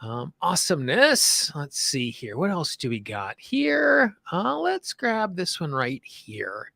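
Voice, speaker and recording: A tapping coach leads listeners through a session, offering calm, slow affirmations to repeat and breaking off for loose, chatty asides. His voice is bright, forward and a little high, with vocal fry, recorded dry and close with almost no room sound.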